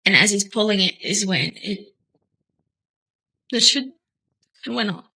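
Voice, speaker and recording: Brief: woman defendant giving hesitant courtroom testimony, bright tone. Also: medium pitch, creaky, breathy edge, low-quality recording. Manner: hesitant, halting answers.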